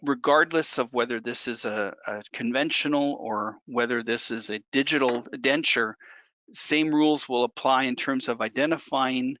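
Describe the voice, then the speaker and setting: Male instructor demoing lab work, chatty and repetitive for emphasis, bright voice, lo-fi recording. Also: medium pitch, moderate pace, dry recording. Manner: conversational, repeats points for emphasis. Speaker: dental technician instructor. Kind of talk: hands-on instructional demo. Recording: dull dry lo-fi recording.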